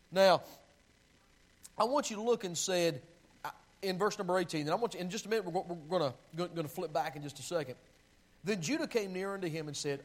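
A man preaching a sermon with a slightly raised pitch. He reads scripture aloud in a pleading voice that often drops low and soft. He breaks off now and then to correct himself and find his verse. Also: expressive, fast, low-quality recording. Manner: restarts and self-corrections while finding verses.

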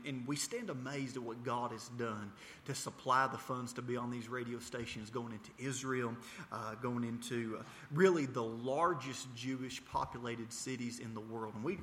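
A man's voice: medium pitch, fairly bright tone, big-room sound, slight background noise. A man preaching a mission testimony, retelling a story with many hesitations and rising to fervent intensity. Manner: storytelling, repeating "she said" and building to fervent intensity; frequent hesitations and restarts. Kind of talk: testimony sermon.

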